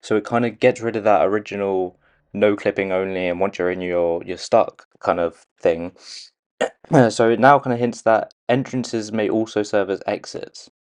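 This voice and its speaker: A man with a fairly low-pitched voice gives a casual spoken analysis to his viewers. He hesitates often, filling gaps with "um" and circling back to restart his sentences. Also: fairly even intonation, moderate pace. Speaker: video creator analysing a movie trailer. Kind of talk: casual commentary.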